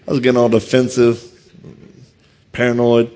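A man with a thick Louisiana accent, a martial arts instructor and speaker, tells funny stories from the stage to an audience. His voice is at an ordinary middle pitch, and he talks fast and animatedly while making fun of himself.

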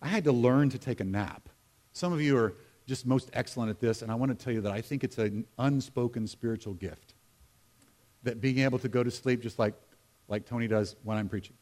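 A man's voice: mid-range voice, fairly quick, a little mellow. American man preaching a conversational sermon. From United States. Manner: conversational, humorous preaching with asides to the congregation. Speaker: pastor. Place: church sanctuary.

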